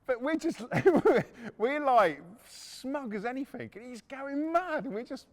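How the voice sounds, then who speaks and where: A man's voice: very high-pitched, lively intonation, measured pace. A middle-aged man, hosting a podcast and casually telling a story from his working life, blunt and swearing freely. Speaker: podcast host.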